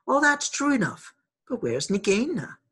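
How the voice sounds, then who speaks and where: A woman voicing a brave, sharp-tongued young male mongoose in a storybook reading, impatient and commanding. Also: fairly high pitch, big pitch swings, moderate pace, slightly rough, voice pushed up, heavily acted. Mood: scolding.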